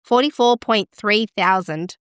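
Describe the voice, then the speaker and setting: A woman's voice: medium pitch, unhurried, clean tone, dry recording, clean studio sound. A woman hosting a podcast in casual chat, gasping and exclaiming as she reads results aloud. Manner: excitable, gasps and exclaims while reading stats aloud. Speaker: podcast host.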